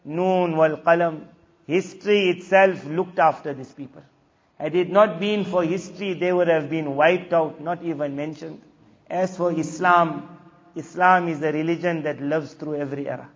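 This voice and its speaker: High-voiced preacher in an echoing hall. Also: male voice, fairly even intonation, normal speed. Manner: impassioned, scornful asides, Arabic recitation. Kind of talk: sermon. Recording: dull lo-fi audio in a long-reverb hall.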